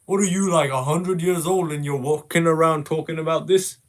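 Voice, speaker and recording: A man's voice: a little high, fairly even intonation, brisk. A man in a voice call, trash-talking and swearing at another player in a mocking, insulting way. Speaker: gamer in a voice call. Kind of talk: casual trash talk.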